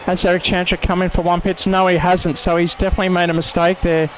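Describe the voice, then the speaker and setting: A man with a high, fairly even voice calls a sim race live, running through the corners lap by lap and tracking gaps and penalties. He jokes about his bad Italian pronunciation. A faint hiss of noise sits under his voice. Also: fast talker, rough recording. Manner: narrates corners with self-mocking attempts at an Italian accent. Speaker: race commentator. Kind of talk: sim racing commentary.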